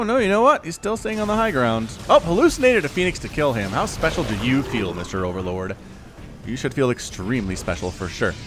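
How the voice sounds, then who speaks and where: A man casting a strategy game solo, chatty and excitable, with sudden high-pitched exclamations. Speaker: esports caster. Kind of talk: solo play-by-play game commentary. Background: faint background music.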